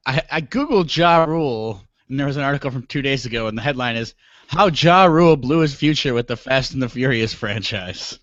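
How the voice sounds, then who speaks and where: A man's voice: medium pitch, expressive, fairly quick, a bit bright, no room sound. Male podcast co-host, mid voice, wry and plain, muffled dry recording. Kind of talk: casual chat. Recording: dull lo-fi dry sound.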